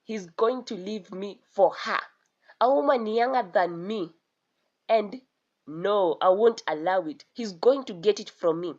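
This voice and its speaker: Angry betrayed wife yelling her lungs out, woman doing the voice, kinda muffled lo-fi audio. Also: fairly low pitch, animated, moderate pace, close to an everyday voice. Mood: bitter. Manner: angry shouting. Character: scorned middle-aged wife, furious and vengeful.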